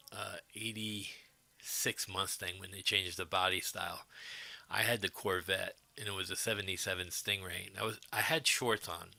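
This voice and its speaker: A middle-aged man chatting loosely with his livestream viewers from home, his low voice gravelly and edged with a sharp, forceful bite. He drifts from story to story and stops to answer the chat. The sound is close and dry. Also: no echo. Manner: rambling, answers chat comments as he goes. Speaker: livestream host.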